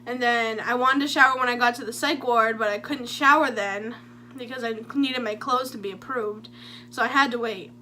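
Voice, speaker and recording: A woman's voice: fairly high pitch, fairly even intonation, normal speed, bright, forceful tone, slight background noise. A young woman telling her own stories in a chatty, jokey story-time vlog. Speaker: vlogger.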